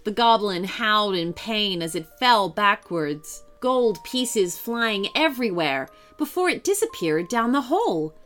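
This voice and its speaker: A woman reads a children's bedtime story with a lot of rise and fall in her voice. Her narration is scripted and expressive, and faint music plays underneath. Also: medium pitch, unhurried, few pauses. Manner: lively, expressive reading.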